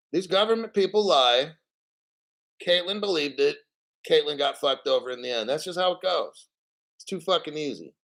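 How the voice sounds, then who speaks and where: A man's voice: on the high side, a bit bright. A man hosting a crypto channel, ranting bluntly and profanely in a casual livestream. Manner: mocking put-on quotes.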